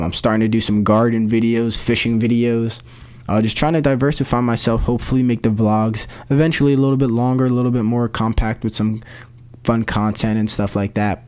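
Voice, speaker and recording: Young male podcast host, lower-pitched, casual and slangy, talks loosely with restarts. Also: darkish tone. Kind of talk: solo podcast update.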